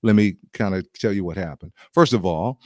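A middle-aged American man, a former baseball player, telling a lively testimony story with restarts and chuckles. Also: low-pitched, brisk, dry recording, clean studio sound. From United States.

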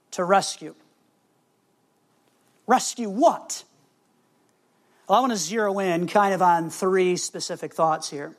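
A middle-aged man preaching a sermon, telling a family story and slowing down to stress key words. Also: high voice. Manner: storytelling, varies pace for emphasis. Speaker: pastor.

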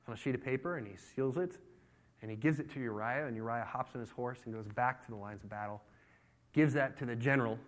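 A man preaching a sermon, retelling a story with acted-out voices and sudden loud outbursts. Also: mid-range voice. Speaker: pastor.

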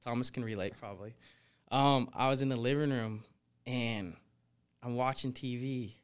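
Young man, podcast guest, energetic, rambling, lots of fillers, casual storytelling. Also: mid-range voice, normal speed, clean tone. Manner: energetic, rambling, frequent fillers like "you know". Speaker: guest, snake wrangler.

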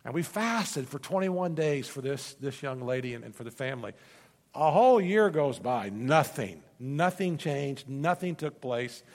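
Male pastor, middle-pitched, storytelling sermon with frequent stammered restarts; long hall reverb. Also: lively intonation, unhurried. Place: church sanctuary.

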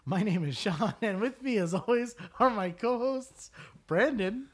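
Animated, laughing podcast host man. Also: sits high, a little slow. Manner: laughs through lines, lively and animated. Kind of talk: casual podcast chat and scripted intro.

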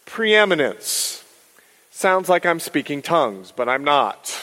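A middle-aged pastor preaching a sermon, telling stories and acting out the voices in them. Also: male voice, fairly high pitch, moderate pace. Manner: animated storytelling, acts out quotes. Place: church sanctuary. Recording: long reverb of a large hall.

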